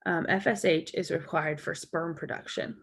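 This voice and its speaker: A woman's voice: low voice, fairly even intonation, normal speed, breathy edge. A woman explaining a topic as a college lecturer in a recorded lecture, walking through slides and recapping key points.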